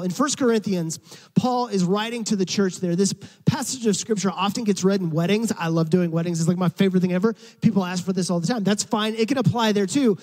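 A man's voice: sits high, in a large hall, low-quality recording. A man preaching a sermon in a church, emphatic and conversational, talking straight to the congregation. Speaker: pastor.

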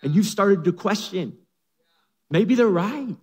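A man's voice: sits high, expressive, slow, darkish tone, husky. A man preaching a sermon as a pastor, with dramatic, humorous storytelling, in an echoey hall.

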